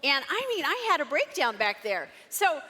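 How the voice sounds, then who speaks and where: A woman telling a personal story to a live audience at a marriage seminar, in an animated, expressive way. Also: high voice, moderate pace. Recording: long hall reverb.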